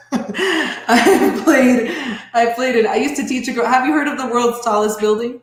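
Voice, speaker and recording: On a live show, a guest fiddler and music teacher chats casually and laughs often as she talks. Her voice sits on the high side at a measured pace, in an echoey room.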